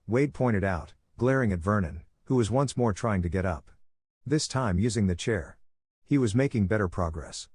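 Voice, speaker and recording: A man narrating a fan fiction story in a steady, even reading. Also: fairly low pitch, moderate pace, husky, no room sound, studio quality.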